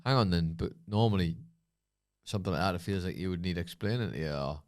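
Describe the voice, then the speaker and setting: A man with a deep voice co-hosts a podcast. He chimes in with short, dry and teasing remarks as casual banter. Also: fast, darkish tone, no room sound. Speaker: podcast co-host.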